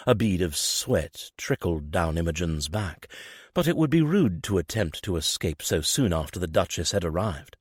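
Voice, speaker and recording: A man narrating a historical romance audiobook in a measured, even reading. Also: sits low, breathy edge, dry recording, clean studio sound. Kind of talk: scripted narration.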